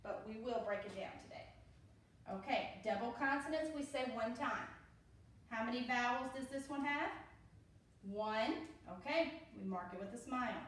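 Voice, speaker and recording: A woman with a Southern US accent walks young children through a phonics lesson, her voice a little high and steady. She speaks slowly and patiently, repeating each rule. The sound is very roomy and echoey, caught from some distance away from the mic. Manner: slow, patient, repeats with "okay?". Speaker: pre-K teacher. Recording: echoey room, voice a bit far from mic.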